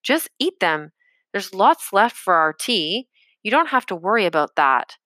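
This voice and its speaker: A woman's voice: mid-range voice, big pitch swings, measured pace, bright, forceful tone, no room sound. A woman reading aloud, voicing an eager, earnest young boy. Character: young boy, curious and well-meaning.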